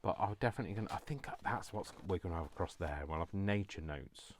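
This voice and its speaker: A man's voice: sits low, quick pace, a little hiss or hum. A man chatting casually to viewers while crafting, self-deprecating and talking to himself as he works. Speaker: crafting vlogger.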